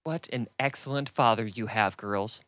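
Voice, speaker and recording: A man voicing a fretful, nervous middle-aged mother who complains in a shrill, fussing way. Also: moderate pace, a bit bright, dry recording, close to an everyday voice. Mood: gushing.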